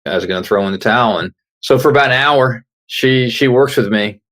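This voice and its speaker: This mid-range, fairly bright voice belongs to a middle-aged man, an author and interview-show guest, who speaks briskly. Earnest in tone, he tells a personal story and acts out what its characters said.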